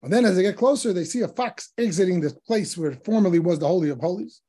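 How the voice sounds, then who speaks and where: A man, a rabbi teaching a Talmud class, telling stories in an animated way and acting out the dialogue of the sages. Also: sits high, quick pace, slightly rough. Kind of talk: Torah class storytelling.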